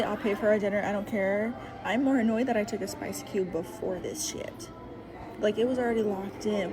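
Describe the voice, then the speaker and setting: A woman's voice: mid-range voice, rough recording. A woman venting casually at a restaurant table, exasperated and swearing. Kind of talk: casual vlog rant.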